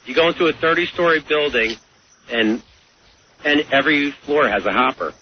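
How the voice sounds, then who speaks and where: A man's voice: on the high side, animated, moderate pace, breathy edge. A man, a regular on a talk radio show, telling a story and repeating himself as he goes. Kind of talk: casual radio banter. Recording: muffled radio broadcast.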